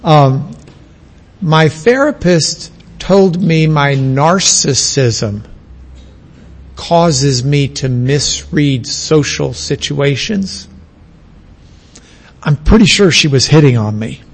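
Us guy teaching a class, fairly high voice, stresses words over and over, slow. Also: in a large hall. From United States. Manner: animated, emphatic, repeats key words. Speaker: lecturer in biblical languages. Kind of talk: classroom lecture.

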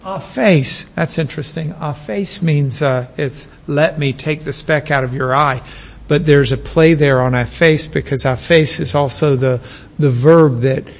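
A man preaching a sermon to a congregation, teaching at an easy pace and bursting into loud shouted exclamations for emphasis. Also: on the high side, vocal fry, low-quality recording. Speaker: pastor.

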